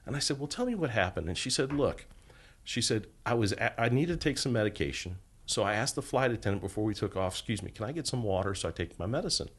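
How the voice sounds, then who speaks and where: A man's voice: fairly low pitch, quick pace, breathy edge. A middle-aged man on a podcast, telling a long story and acting out the lines of the people in it. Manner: animated storyteller acting out quoted dialogue. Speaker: podcast guest, former federal agent.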